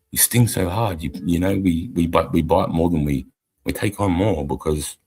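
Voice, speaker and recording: A man's voice: rumbling low, gravelly, slightly rough. A middle-aged Australian man, an army veteran, talking bluntly and profanely in rambling casual chat on a live stream. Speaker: army veteran podcast co-host.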